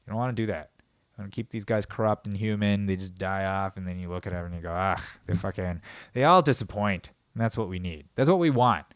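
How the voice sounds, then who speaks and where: A man with a lowish, smooth and resonant voice delivers a rambling comic rant on his podcast. He riffs sarcastically, breaking into laughter, jumping between loud bursts and muttered throwaway lines. The sound is close and dry. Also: fast talker, no echo. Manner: swings between loud outbursts and mumbled asides. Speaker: podcast host. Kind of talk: comedic monologue.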